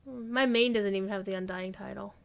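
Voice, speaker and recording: A woman's voice: medium pitch, brisk, gravelly. A woman streaming a game, chatting casually and rambling as she thinks aloud. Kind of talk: casual gaming stream chat.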